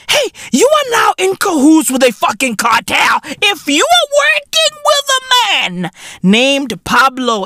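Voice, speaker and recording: Ranting man, lively pitch. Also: no room sound, clean studio sound. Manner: loud, profane, mocking, often breaks into shouts and laughs. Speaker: podcast host. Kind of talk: comedic podcast rant.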